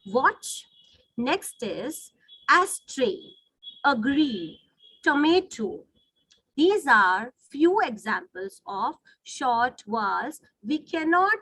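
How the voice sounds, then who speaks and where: A woman's voice: sits high, sharp tone, no room sound, poor audio. A woman giving an online lecture on phonetics, explaining and checking in often with the listeners. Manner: explanatory, frequent "right?" and "you know" checks. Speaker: English phonetics teacher.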